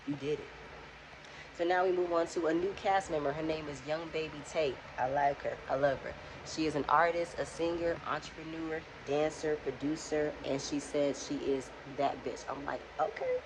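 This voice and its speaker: A young woman with a lowish voice gives a casual recap of a TV episode and keeps talking back to the people on screen as if they could hear her. A steady hum sits under her home recording. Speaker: vlogger recapping a reality show. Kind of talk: casual reaction commentary.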